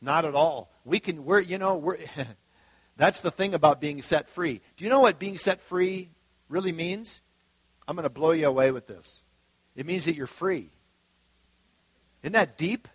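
A man's voice: fairly high pitch, measured pace, long pauses, slightly rough, no echo, highs cut off. A man preaching a sermon as pastor in a conversational way, with frequent asides and restarts.

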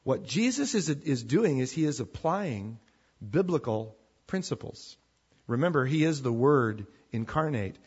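A man's voice: mid-range voice, very animated, unhurried, breathy edge, highs cut off. A man preaching a conversational sermon as a pastor, often restarting his words as he explains. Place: church with a projector.

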